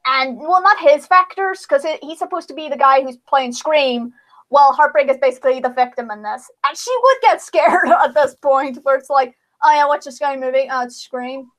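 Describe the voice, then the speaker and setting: High-voiced giggly woman chatting. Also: moderate pace, fairly bright tone. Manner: giggly, chatty, laughs often. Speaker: livestream co-host. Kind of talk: casual livestream chat.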